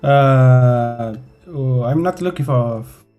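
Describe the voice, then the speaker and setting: A man's voice: mid-range voice, slow pace, mellow, dull audio, lightly acted. A man voicing a nervous, evasive young mercenary who stammers and hesitates, with faint music behind.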